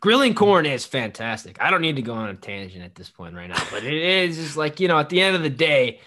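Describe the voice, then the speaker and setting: A man co-hosting a podcast in casual banter, enthusiastic and quick to laugh, dropping his voice on asides. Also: fairly high pitch, sing-song, pushed and bright. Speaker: podcast co-host.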